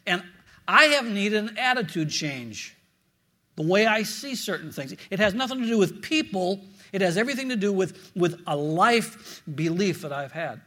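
A pastor delivers a sermon in an animated way at a moderate pace, earnest and full of storytelling. He often repeats words and lets his voice drop low and quiet when he prays.

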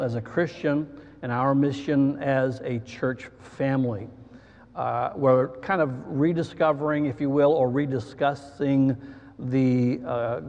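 A man preaching a sermon as pastor, halting, with frequent fillers and restarts. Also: mid-range voice, darkish tone. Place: church sanctuary. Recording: muffled church hall with long reverb.

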